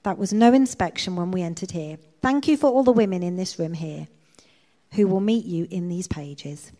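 A woman's voice: lowish voice, moderate pace, warm tone, close to an everyday voice. A woman reading aloud as a frightened young woman prisoner, doubting and reluctant. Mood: distressed. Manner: wailing, reluctant. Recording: long church reverb.

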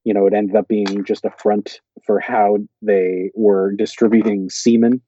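Male podcast co-host, rambling recap with quoted lines, dark tone, lo-fi dull mic. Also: on the low side, flat delivery, a little slow, husky. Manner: rambling, quotes characters in raised voices. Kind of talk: casual chat recapping a TV episode.

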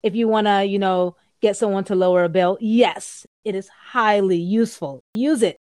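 A woman from the United States chatting on a podcast, loud and fast-talking, laughing often. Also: medium pitch, steady tone, no echo. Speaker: podcast guest. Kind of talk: casual podcast chat.

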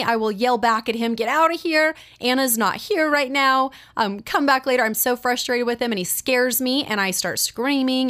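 A middle-aged woman teaching a Bible lesson, telling a personal story in a lively, confiding way. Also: fairly high pitch. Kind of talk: sermon storytelling.

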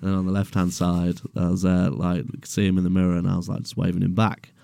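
A young man with a deep, gravelly voice tells a story casually. His tone is dark and mellow, and the sound is dry and close. He swears freely and laughs through his own story. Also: monotone, quick pace, no echo. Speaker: podcast co-host. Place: garage.

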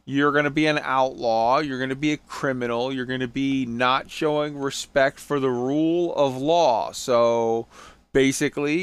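A man's voice: mid-range voice, smooth, no echo. A man hosting a casual gaming podcast, tired and jokey, swearing freely as he runs through the week's news. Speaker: podcast host.

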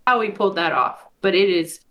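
A woman from East Texas with an East Texas accent, co-hosting a casual chat and giggling quickly at the guest. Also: fairly low pitch, expressive, dull audio. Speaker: co-host.

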